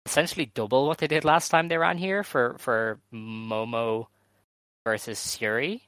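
A man co-hosting a casual podcast, talking in a measured way with frequent "um"s as he goes over details. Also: mid-range voice, a bit bright, no echo. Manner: measured, many "um"s, runs through show details. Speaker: podcast co-host. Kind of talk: casual chat reviewing wrestling shows.

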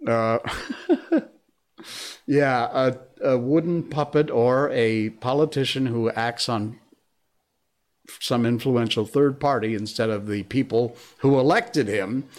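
Chatty joking man hosting a show. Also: medium pitch. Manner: chatty, joking, rambling asides. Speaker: show host. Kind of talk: casual monologue to viewers.

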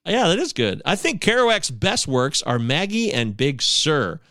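A man from Michigan hosts a podcast in a lively, bouncing voice that rides high for a man. He jokes with his friends and reads listener emails, tripping over words as he goes. His voice is close and dry, with no room around it. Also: unhurried, dry recording. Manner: animated, joking, stumbles over words while reading aloud. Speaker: podcast host. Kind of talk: casual podcast chat, reading listener emails.

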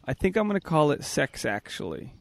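A young man hosting a podcast, rambling through casual chat with frequent halting restarts. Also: on the high side, sing-song, gravelly, no room sound. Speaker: podcast host. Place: outdoors at a yard sale.

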